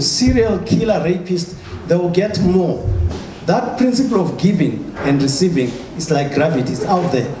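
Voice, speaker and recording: A man's voice: high-pitched, lively intonation, moderate pace, darkish tone. A man giving a motivational talk to a live audience, emphatic and often asking the crowd questions. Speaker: motivational speaker. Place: large hall with an audience. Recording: echoey hall with noise.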